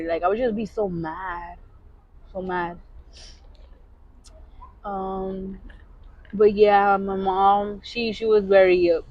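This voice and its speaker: Halting, candid woman podcaster, dull recording. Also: on the low side. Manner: halting, many restarts, open and candid. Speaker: podcast co-host. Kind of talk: casual confessional chat.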